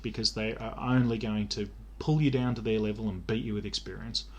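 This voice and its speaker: A man's voice: on the low side, steady tone, a little fast, darkish tone, slight background noise. A man co-hosting a podcast, rambling and sardonic in casual chat. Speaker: podcast co-host.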